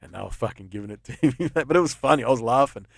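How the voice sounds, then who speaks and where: A man's voice: mid-range voice, animated, very fast, vocal fry, no room sound, studio quality. An Australian man in his fifties, a comedian and podcast guest, telling rambling stories with plenty of swearing in a casual chat. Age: 50s.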